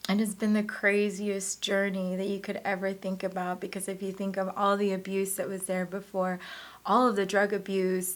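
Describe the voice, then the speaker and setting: A woman in her forties giving an earnest, emotional personal testimony in an interview. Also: medium pitch. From United States. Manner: emotional, earnest, animated retelling.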